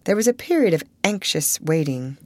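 A woman reads an audiobook with a fairly low but very lively voice, shaping each sentence expressively. The recording is dry and close to the mic. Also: normal speed, no echo. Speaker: audiobook reader. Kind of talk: scripted audiobook narration.

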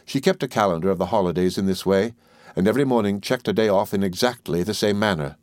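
This male audiobook narrator has a low voice and delivers scripted narration in a measured, even storytelling style. The recording is dry, with clean studio sound.

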